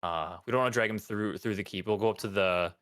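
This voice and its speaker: A man voicing an excited, frantic male guard captain who talks in a hurry. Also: fairly low pitch, clean tone, no room sound, clean studio sound, lightly acted. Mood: urgent. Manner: hurried, urgent.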